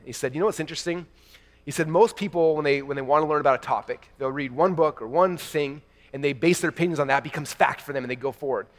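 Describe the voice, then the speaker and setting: Guy in his 30s doing a hyped keynote on stage, talks fast, voice a bit high, big hall echo. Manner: excited storytelling, addresses crowd as "you guys". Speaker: keynote speaker. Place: large event hall before a live audience.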